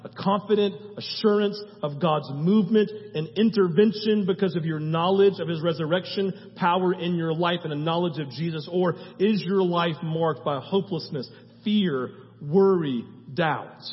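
In a church sanctuary, a male pastor with a fairly high voice preaches at a moderate pace, passionate yet conversational, firing one question after another at his listeners. The recording sounds slightly dull, with the reverb of a large hall.

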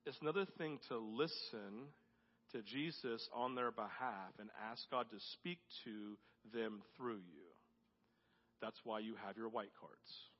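A man preaching a sermon as pastor, rising to loud emphatic peaks and dropping to soft, intimate tones. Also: on the low side, unhurried. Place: church sanctuary. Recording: dull audio with long hall reverb.

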